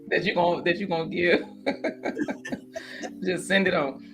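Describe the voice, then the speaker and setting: A woman hosting a garden livestream in casual chat, animated and chatty, breaking into laughter often. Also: fairly low pitch, slow pace, vocal fry, over music.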